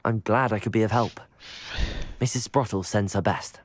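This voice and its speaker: A man's voice: lowish voice, fairly even intonation, normal speed, dry recording, natural voice. A man voicing a polite young male student hero in a video game.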